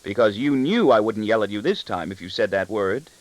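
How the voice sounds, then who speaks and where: A man voicing an affectionate mother gently scolding her son in an audiobook reading. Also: on the low side, expressive, fairly quick, no room sound, natural voice, rough recording.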